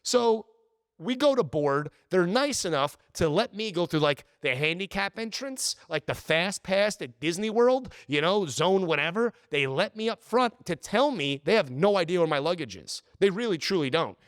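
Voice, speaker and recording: A man with a fairly high, clear and smooth voice tells a story on a podcast with exasperated energy. His voice is close and dry, with no room sound. He talks casually, as if to a friend. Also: animated, normal speed, fairly bright tone, no room sound. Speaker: podcast host.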